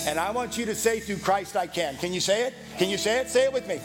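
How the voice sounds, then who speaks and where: A male pastor preaching a sermon, repeating phrases and building to loud exhortation. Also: high-pitched, fast talker, hardly any pauses. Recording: music playing behind the voice.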